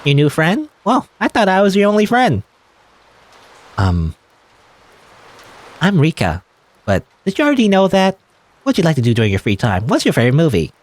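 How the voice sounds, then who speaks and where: A man's voice: on the high side, wildly swooping pitch, moderate pace, long pauses, pitched above the performer's own voice. A man voicing a bubbly, insistent schoolgirl classmate in a game he reads aloud. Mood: chirpy. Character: pushy, chirpy schoolgirl classmate.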